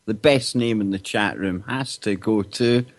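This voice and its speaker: A man's voice: lowish voice, a little slow, no room sound. A man co-hosting a talk radio show, joking and teasing in casual banter. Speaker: radio co-host.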